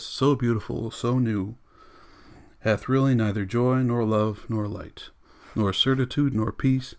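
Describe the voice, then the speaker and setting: A man's voice: medium pitch, natural voice. A man reading as Montag, a shaken fireman. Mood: solemn. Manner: measured poetry recital, then shouted commands. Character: Montag, male fireman, shaken then furious.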